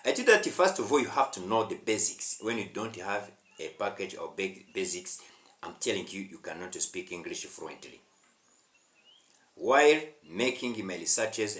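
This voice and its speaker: A man's voice: on the low side, a bit bright, echoey room. A man from Rwanda with a Rwandan accent, an English teacher giving a lesson straight to the viewer in a repetitive, preachy way with emphatic swells. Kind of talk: direct-to-camera English lesson.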